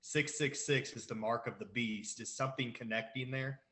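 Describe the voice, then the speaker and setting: A man's voice: mid-range voice, fairly even intonation, moderate pace, bright, forceful tone. Playful man on a podcast. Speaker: podcast co-host. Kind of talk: casual podcast chat.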